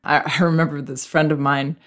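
Calm, gentle woman giving parenting advice. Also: sits low, a little fast. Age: middle-aged. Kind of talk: answering a listener's letter.

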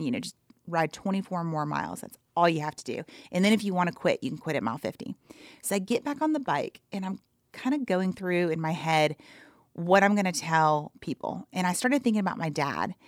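A woman's voice: lowish voice, dry recording, clean studio sound. A woman, an endurance athlete, telling her story as a guest in a podcast interview and acting out her own inner voice.

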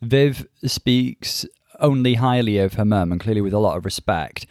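A man's voice: on the low side, normal speed, a little mellow, no echo, clean studio sound. A man co-hosting a casual chat show, chatty and asking his partner questions. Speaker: podcast co-host.

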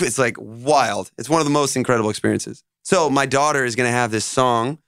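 A man talking as a guest on an interview show, his voice smooth and resonant in a dry, close space. He tells stories in a loose, rambling, animated way, full of casual asides. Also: mid-range voice, moderate pace, hardly any pauses, no echo. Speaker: guest musician.

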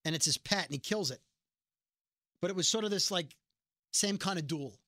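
A podcast host chats casually while recapping a TV episode, acting out the characters' lines with animated energy. The voice is medium in pitch and moderately paced, and the recording is dry with clean studio sound.

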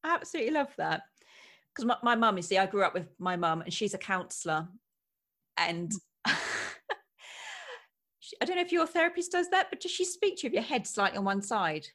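A woman hosting an interview, gushing with effusive praise and quick to laugh. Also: medium pitch, big pitch swings, a bit bright. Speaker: podcast host. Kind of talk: enthusiastic interview chat.

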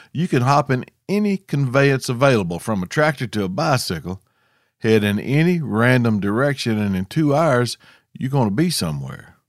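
A man's voice: lowish voice, no room sound. A man from Arkansas, telling a scripted outdoor story with dry, wry humor. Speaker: podcast host.

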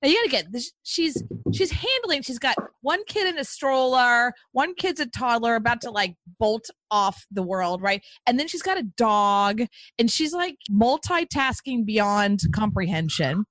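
A woman's voice: fairly high pitch, big pitch swings, measured pace, fairly bright tone, no room sound. Bubbly chatty woman host. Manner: bubbly, chatty, many restarts. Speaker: podcast host. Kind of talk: casual interview chat.

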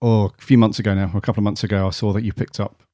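Man, podcast co-host, casual chat, easygoing, low mellow voice, dry sound. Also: flat delivery, very fast, dry recording. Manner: easygoing, laughing, swears casually.

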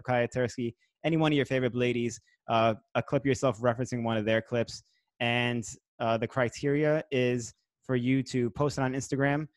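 A man's voice: medium pitch, no room sound. Upbeat man hosting a podcast, dry sound. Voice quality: friendly, upbeat, reads shout-outs and promos. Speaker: podcast host. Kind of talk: casual podcast chat.

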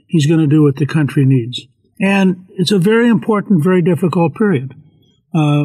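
A man with a husky, slightly raised voice tells history in an animated way. He slips into short quoted lines for the figures he talks about. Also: fairly high pitch, rough recording. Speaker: speaker on history. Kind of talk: history storytelling talk.

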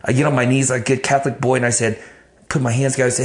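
A man telling his life story in an interview, blunt and animated, swearing freely. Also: medium pitch, very fast. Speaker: interview guest. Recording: roomy echo.

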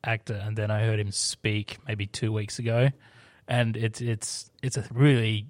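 A man's voice: lowish voice, level tone, unhurried, darkish tone, no echo. A man on a casual film review panel, giving blunt and candid takes.

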